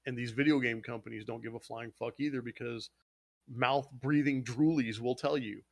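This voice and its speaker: Male podcast host, mid-pitched, dry close mic, heated cursing rant, brief note. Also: steady tone, normal speed, creaky, no room sound. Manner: heated, swearing, mocks gamers in put-on quotes. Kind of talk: casual profane gaming podcast rant.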